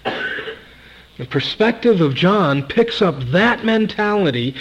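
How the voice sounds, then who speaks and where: A man's voice: high voice, expressive, slow pace, breathy edge. Emphatic preacher, a man, on lo-fi tape. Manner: emphatic, repeats key words, swings between loud and soft. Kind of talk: sermon.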